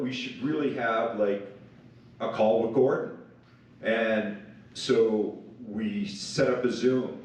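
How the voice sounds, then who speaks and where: A man's voice: fairly low pitch, darkish tone. A man, a company founder, telling a chatty anecdote on a panel, full of fillers. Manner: chatty, self-described blabbermouth, many fillers. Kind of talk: casual anecdote on stage. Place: large event hall. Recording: echoey hall, mic far off, faint noise.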